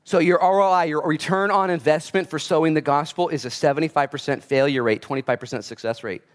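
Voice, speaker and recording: A man preaching a casual, conversational sermon, animated and joking as he acts out the voices of people in his stories. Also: fairly high pitch, fast talker. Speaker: pastor.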